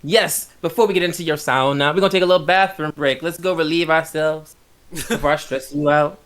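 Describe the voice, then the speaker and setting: A man's voice: a little high, steady tone, a little fast, a bit bright. Rambling jokey game master, a man. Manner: loose, rambling, jokey, fillers and restarts. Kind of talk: narrating a tabletop game.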